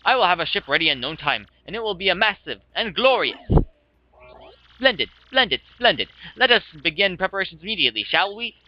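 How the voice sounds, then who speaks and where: A man's voice: sits high, sing-song, fairly quick, voice pushed up. A man voicing a vain, flamboyant male merchant captain in a pompous, theatrical manner. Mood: haughty. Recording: dull lo-fi with music.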